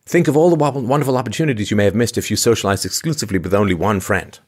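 A man's voice: lowish voice, rapid-fire, husky. A man hosting a commentary show, delivering a sarcastic monologue full of incredulous rhetorical questions and frequent sighs. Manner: sighs often. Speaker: podcast host.

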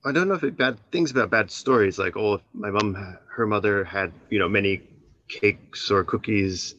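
A man calling in to an advice show, speaking hesitantly and softly with many fillers. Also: fairly low pitch, normal speed, no room sound. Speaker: caller. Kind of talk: call-in conversation. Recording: dull phone-line caller audio.

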